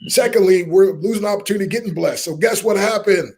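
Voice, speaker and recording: A middle-aged man, a motivational speaker telling a lively story in an interview and acting out the people in it. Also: sits high, fast, breathy edge. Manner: animated storyteller, acts out quoted voices, laughs often.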